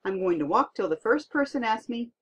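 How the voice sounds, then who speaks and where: A woman's voice: a little high, animated, fairly quick, husky, voice pushed up. A woman voicing a huge young giant sailor boy in plain folksy talk. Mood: earnest. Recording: dull lo-fi recording.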